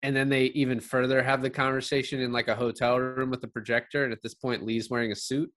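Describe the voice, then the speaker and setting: Man, casual film chat, rambling, acts out quotes, medium pitch. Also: quick pace, no room sound, clean studio sound. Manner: rambling, animated retelling with quoted voices. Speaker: podcast co-host discussing a film.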